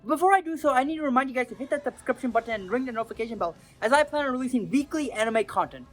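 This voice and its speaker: A woman talking casually and excitably in a commentary vlog, with slang and swearing, acting out quotes. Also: high-pitched, racing. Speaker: anime video creator.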